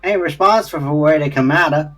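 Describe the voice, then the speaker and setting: Brief: a bright, folksy old drawler put on by a man. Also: on the high side, fast talker, soft background music. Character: gruff old male adventurer with a drawl.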